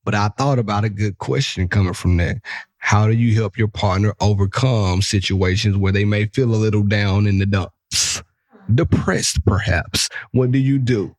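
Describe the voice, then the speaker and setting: A man's voice: fairly low pitch, moderate pace, no echo, studio quality. A man hosting a casual podcast chat, telling stories in a slangy, profane way and slipping into voices. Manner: animated storyteller, slangy and profane, jumps into voices. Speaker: podcast host.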